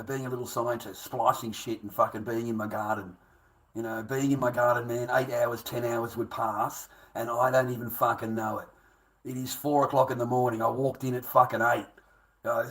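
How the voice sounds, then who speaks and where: A man's voice: mid-range voice, a bit bright, rough recording. A man telling a rambling personal story, swearing constantly and repeating himself. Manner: swears constantly, restless and repetitive.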